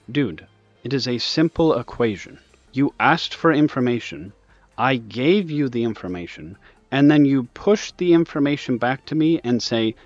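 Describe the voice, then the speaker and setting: A man ranting in an exasperated, animated way over gameplay, with sudden loud bursts. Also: medium pitch, measured pace, no echo, highs cut off, faint music behind. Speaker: gaming video host.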